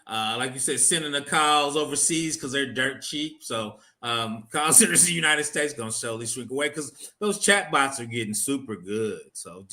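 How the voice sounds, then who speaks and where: Bright-voiced man explaining things. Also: medium pitch, animated, normal speed, hardly any pauses. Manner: agreeing "facts" often, explanatory. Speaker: podcast co-host. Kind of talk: casual group chat.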